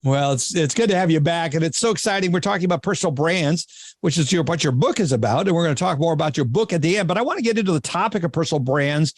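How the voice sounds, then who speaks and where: A man's voice: on the high side, quick pace, no echo, studio quality. A man from Minnesota hosting a podcast interview, chatty and enthusiastic. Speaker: podcast host. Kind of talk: casual interview chat.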